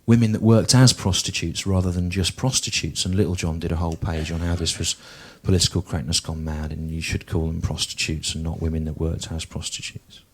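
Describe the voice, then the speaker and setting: A man in his forties from the English Midlands performs stand-up comedy. His deep voice and flat delivery are dry and deliberate, with frequent repetition.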